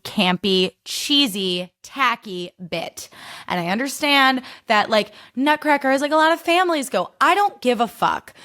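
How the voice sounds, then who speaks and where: A woman's voice: mid-range voice, fairly bright tone. A woman in her thirties hosting a solo podcast, talking in a sassy, emphatic rant full of swearing. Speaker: podcast host.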